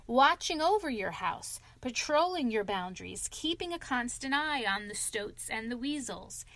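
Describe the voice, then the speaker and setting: A sensible male water rat from a storybook, voiced by a woman reading aloud, lecturing in an earnest, scolding tone. The voice is fairly high and dry. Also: fairly bright tone, dry recording.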